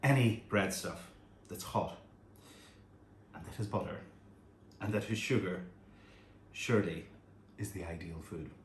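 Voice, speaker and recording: A man's voice: deep voice, unhurried, pauses often, a little hiss or hum. Chatty man demonstrating home cooking. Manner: chatty, admiring the food as he goes. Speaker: cooking show host. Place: home kitchen. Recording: echoey room with faint kitchen clatter.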